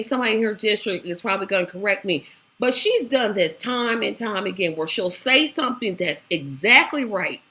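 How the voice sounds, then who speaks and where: A woman's voice: on the high side, bright, forceful tone. Sassy, exasperated woman commentator. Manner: sassy, exasperated, emphatic repetition. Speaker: show host. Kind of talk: political commentary monologue.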